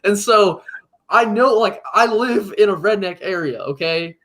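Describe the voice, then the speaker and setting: Animated laughing man from south carolina. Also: high voice, a little slow. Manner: animated, laughing often, emphatic. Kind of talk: casual chat.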